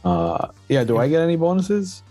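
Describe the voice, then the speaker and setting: A man's voice: fairly high pitch, very animated, moderate pace, mellow, no room sound, faint music behind. A man playing in a tabletop game who animatedly acts out his character's lines. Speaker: player. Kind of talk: casual tabletop play.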